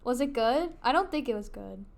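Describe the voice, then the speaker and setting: A woman's voice: on the high side, expressive, a little fast, gravelly, slight background noise. A young woman streaming a game, chatting casually and rambling between made-up song lines. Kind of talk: casual chat while gaming.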